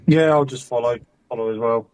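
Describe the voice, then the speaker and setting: A man's voice: mid-range voice, a little fast, a little mellow. A man playing a tabletop game who speaks in a mannered, old-fashioned way.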